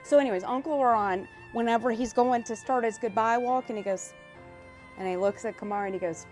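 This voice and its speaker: Soft background music accompanies a woman with a Louisiana accent, a South Louisiana live streamer whose voice leans high. She rambles casually on her stream, getting excited easily and swearing freely.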